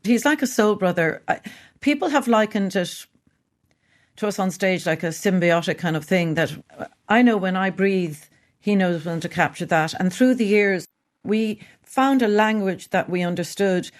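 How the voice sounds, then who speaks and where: Irish woman, interview guest, chatty, laughs a lot, rambling, mid pitch. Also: normal speed. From Ireland. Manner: lively, chatty, laughs often, jumps between thoughts. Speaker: guest singer. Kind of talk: casual interview chat.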